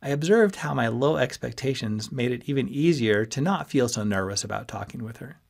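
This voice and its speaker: A man reading his own novel as an audiobook, in a measured, even storytelling voice. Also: mid-range voice, gravelly. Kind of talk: audiobook narration.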